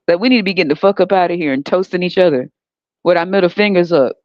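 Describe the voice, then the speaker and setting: A woman's voice: fairly low pitch, animated, fast talker, darkish tone, no room sound. A woman from the United States hosting a podcast, delivering a profane, emphatic unscripted rant full of rhetorical questions. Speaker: podcast host. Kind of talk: unscripted monologue. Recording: dull, dry lo-fi recording.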